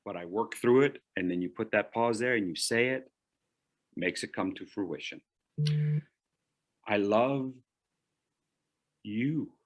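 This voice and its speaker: A man whose voice sits on the low side runs a playful online workshop on public speaking. He leans on dramatic pauses and alternates between loud and whispered delivery.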